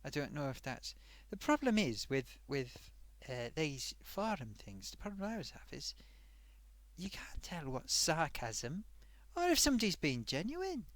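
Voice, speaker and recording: A man's voice: on the high side, wildly swooping pitch, unhurried, no echo. A man hosting a casual live stream, reading out forum comments with a chatty, self-amused manner.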